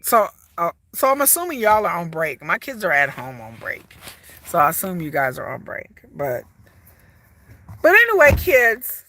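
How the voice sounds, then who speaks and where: A woman's voice: low voice, animated, moderate pace, pushed and bright, a little hiss or hum. A woman in her forties chatting casually to camera as a vlogger, rambling, laughing often and mimicking people. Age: 40s.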